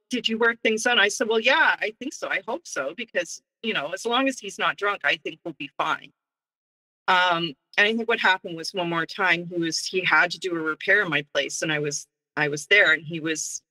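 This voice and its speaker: A woman guest in an interview, telling a personal story in a lively way and acting out what others said. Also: lowish voice, a little fast, rough recording. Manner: animated, acts out quoted dialogue.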